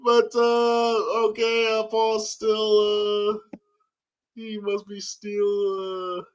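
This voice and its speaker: Slow, halting host with a high voice. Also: male voice, completely flat delivery, clean tone. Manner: halting, full of "uh" fillers and restarts. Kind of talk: casual live stream chat.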